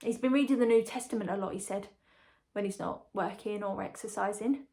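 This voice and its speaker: Brisk and mellow at a medium pitch, lightly acted, a young woman performs a monologue as its main character. She is a breezy, chatty young woman confiding gossip about being engaged to a condemned prisoner.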